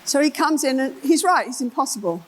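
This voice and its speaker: Animated English woman telling therapy stories. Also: sits high, brisk, background noise. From England. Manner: animated, acts out voices in her stories. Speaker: therapist giving a conference talk. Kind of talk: conference keynote storytelling. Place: conference hall.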